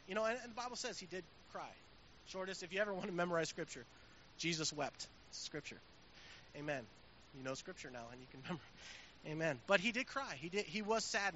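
A male pastor preaches in a relaxed, conversational way that swells into strong emphasis. His voice is bright and fairly high. The recording sounds dull, with a faint hiss behind it. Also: fairly quick. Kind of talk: sermon.

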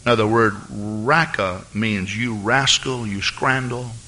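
Fervent preacher man, bright voice. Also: on the low side, takes it slowly. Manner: fervent, rising to excited preaching peaks. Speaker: pastor. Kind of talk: sermon.

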